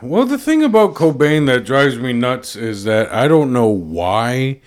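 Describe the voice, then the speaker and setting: A man with a Mohawk English accent co-hosting a podcast, telling stories in a wry, animated way. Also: mid-range voice, unhurried. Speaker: podcast co-host. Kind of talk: casual chat.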